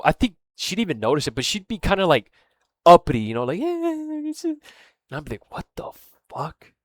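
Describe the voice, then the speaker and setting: A man rambles through a personal story, swearing freely and often losing track of what he was saying. His voice sits at an ordinary middle pitch. The recording is dry, with almost no room sound. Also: dry recording. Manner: rambling, profane, keeps losing his thread; filler-heavy, with frequent "right?" and "man". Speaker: vlogger. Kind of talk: casual rambling monologue.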